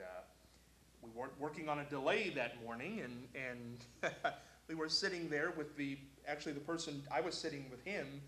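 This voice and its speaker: A man's voice: medium pitch, roomy sound, slight background noise, low-quality recording. A man hosting a local talk show, chatting and telling stories on air. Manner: storytelling, animated. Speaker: host. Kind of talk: casual talk show chat.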